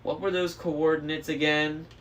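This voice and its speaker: A man voicing a smug young male traitor demigod, smooth, mocking and persuasive. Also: a little high, little pitch movement, moderate pace, a bit bright, voice pushed up, close to an everyday voice. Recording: faint noise, slightly distant mic.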